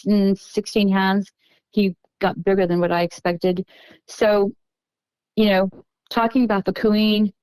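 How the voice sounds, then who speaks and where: Low-voiced middle-aged woman telling a story. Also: a little mellow, clean tone, no room sound, rough recording. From Texas. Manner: unhurried, halting recounting with restarts. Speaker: podcast guest. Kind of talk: personal storytelling.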